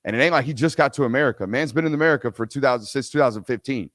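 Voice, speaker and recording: A man's voice: mid-range voice, very fast, no room sound, studio quality. A man hosting a live sports talk show, ranting emphatically and repeating himself for effect before taking audience questions. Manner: animated ranting, emphatic repetition.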